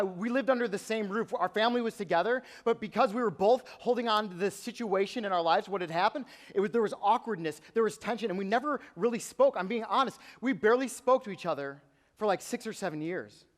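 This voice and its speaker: A young man, a youth pastor, telling a personal story in a sermon, earnest, sometimes hushed and sometimes emphatic. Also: high voice. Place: church auditorium. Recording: long hall reverb.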